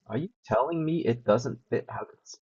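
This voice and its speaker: A man's voice: mid-range voice, expressive, normal speed, a little mellow, slightly rough, muffled recording. A man live-streaming, giving wry, teasing commentary in a casual chat.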